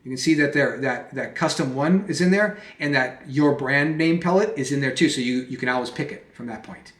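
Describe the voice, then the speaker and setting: A man's voice: medium pitch, fairly quick, a bit bright. Casual man teaching with echoey room sound. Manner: conversational, repeats and restarts phrases, lots of "okay?" and "right?" checks. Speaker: presentation software instructor. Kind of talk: casual screen-recorded tutorial.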